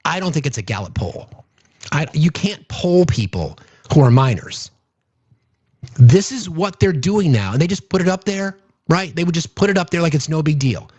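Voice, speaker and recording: A man's voice: a little high, animated, normal speed, darkish tone, husky, no echo. A man giving casual political commentary, indignant and rambling, often restarting his sentences.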